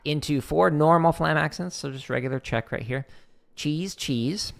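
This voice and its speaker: Guy with a bit of fry in his voice chatting thru drum rudiments on a home stream, lots of "like"s, desk mic. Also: a little high, fairly quick, heavy background noise. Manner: chatty, lots of "like" fillers, counts out rudiments aloud. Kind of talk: casual livestream teaching. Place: home practice room. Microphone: desk microphone.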